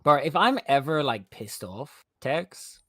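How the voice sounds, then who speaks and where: A speaker with a South African accent and Afrikaans background, chatting excitably and laughing on a gaming stream. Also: medium pitch, takes it slowly, no echo, studio quality. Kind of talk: casual chat.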